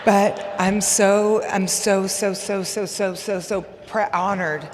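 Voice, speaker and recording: A bubbly, excitable woman from Texas with a Texan accent, giving a rambling acceptance speech at a podium microphone. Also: medium pitch, takes it slowly. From Texas, USA. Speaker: hall of fame inductee. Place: large banquet hall. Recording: long hall reverb, faint noise.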